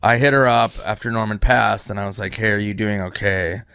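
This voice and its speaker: Swearing comic telling a story. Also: male voice, fairly low pitch, fairly even intonation, fairly quick, bright, forceful tone, clear, resonant tone, dry recording. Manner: loose, swears freely, acts out both sides of a dialogue. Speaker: stand-up comic. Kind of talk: casual storytelling.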